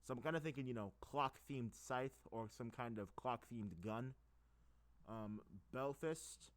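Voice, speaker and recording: A young man talking casually at a middle pitch, as if thinking aloud. He hesitates constantly, fills the gaps with ums and uhs, restarts his sentences, and wanders off on tangents. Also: a little slow. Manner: hesitant, many fillers and restarts, goes off on tangents. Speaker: video creator explaining fan project plans. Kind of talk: casual rambling talk.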